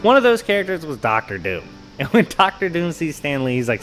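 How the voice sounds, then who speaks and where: A man hosting a casual reaction video, telling comic-book stories in animated, slangy talk and laughing at his own anecdotes. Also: a little high, brisk, faint music behind, rough recording. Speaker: host.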